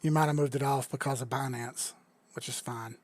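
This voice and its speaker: A young adult man hosting a casual crypto livestream, chatty and excitable, swearing freely as he talks viewers through charts. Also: medium pitch, brisk, no echo.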